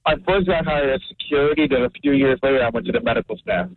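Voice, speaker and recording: A man's voice: on the high side, fast talker, noisy background. A man from New Jersey calling in to a radio show, telling stories eagerly with lots of fillers. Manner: eager storyteller, many fillers. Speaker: caller. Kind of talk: call-in radio talk. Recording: tinny phone line.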